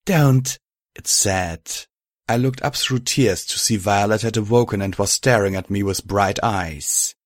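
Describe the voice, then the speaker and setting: A man reading fan fiction aloud as an audiobook narrator in a steady storytelling manner. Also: lowish voice, moderate pace, hardly any pauses, dry recording, clean studio sound.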